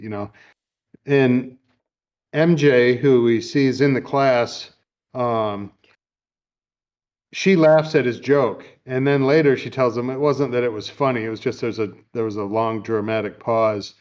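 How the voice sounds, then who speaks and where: A man hosting a casual chat, recapping a movie in a relaxed, rambling way with lots of fillers. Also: mid-range voice, takes it slowly, pauses often, lo-fi sound. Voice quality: easygoing, rambling with many fillers. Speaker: podcast host. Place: home room.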